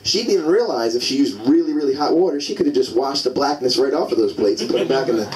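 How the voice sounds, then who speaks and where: A man's voice: mid-range voice, lively intonation, quick pace, darkish tone, recorded from a distance, low-quality recording. A man in his forties doing a stand-up comedy set, telling loose, rambling stories full of fillers on a club stage. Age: 40s.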